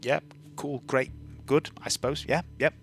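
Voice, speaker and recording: A man's voice: mid-range voice, steady tone, unhurried, fairly bright tone, slightly rough. A man voicing an awkward young woman who stammers and hesitates. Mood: flustered.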